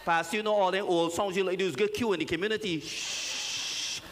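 A man, a pastor preaching a lively, joking sermon and calling out to his congregation. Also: sits high, rapid-fire. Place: church sanctuary. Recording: reverberant church hall.

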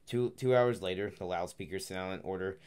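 A man reading an audiobook aloud, halting at times and correcting himself mid-phrase. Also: low voice, darkish tone, clean tone. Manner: halting, frequent restarts and self-corrections. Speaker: audiobook reader. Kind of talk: audiobook narration.

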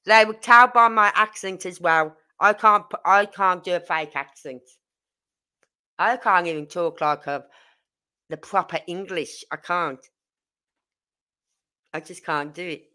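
A woman's voice: lowish voice, a little slow, long pauses, pushed and bright, smooth. A woman hosting a true crime livestream, rambling and indignant as she reads out viewer comments. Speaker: true crime channel host. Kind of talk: casual livestream chat.

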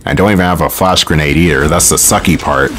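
A rumbling low, fairly bright male voice talks through his gameplay at home over a faint hiss or hum. The let's play commentary is easygoing and wry, full of swearing and brief frustrated outbursts.

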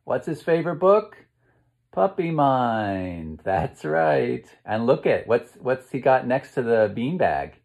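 A man reading a picture book aloud to children, asking them gentle questions as he goes. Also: medium pitch, very animated, takes it slowly, gravelly. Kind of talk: interactive read-aloud.

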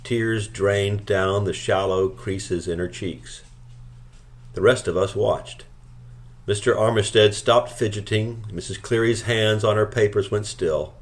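Reading a novel aloud, a man delivers a scripted audiobook in calm, steady narration. His fairly low voice stays unhurried as he carries the first-person story plainly.

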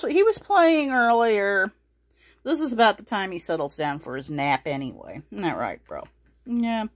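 A woman's voice: medium pitch, no echo. A woman hosting a casual pet unboxing vlog, talking fondly to her rabbits and a little out of breath. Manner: cooing baby talk to her rabbits. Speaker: pet channel host.

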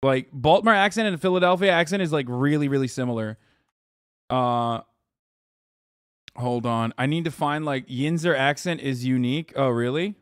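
A man hosting a reaction stream, chatting casually in an excitable, profane, rambling way. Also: medium pitch, normal speed, dry recording, clean studio sound. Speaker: streamer host.

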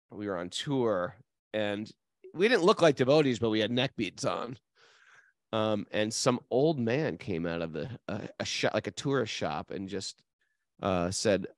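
A man's voice: fairly low pitch, dry recording, clean studio sound. A man co-hosting a casual spiritual talk, telling stories with animation and laughing easily. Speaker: podcast co-host. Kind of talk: casual spiritual chat, reading song lyrics.

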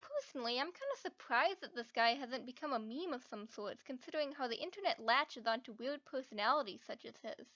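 High-voiced woman narrating a video essay. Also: very animated, fairly quick, few pauses, sharp tone, dull audio. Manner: earnest, enthusiastic commentary. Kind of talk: scripted narration.

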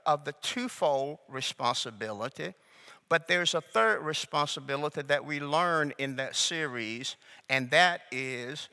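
Slow, emphatic male preacher in a reverberant hall. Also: on the high side, gravelly, pushed and bright. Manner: call-and-response, coaxing the congregation to repeat; slow, deliberate emphasis on key words. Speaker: pastor. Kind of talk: sermon teaching.

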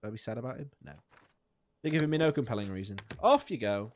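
A man giving live commentary on a game he is playing, jokey and sweary, laughing often, with sudden high squeaks of outrage. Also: expressive, fast. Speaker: streamer.

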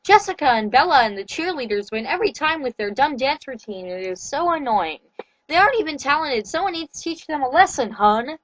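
A woman's voice: high-pitched, very animated, a little fast, a bit bright, no room sound, low-quality recording. Woman doing a catty teen best friend. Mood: pushy.

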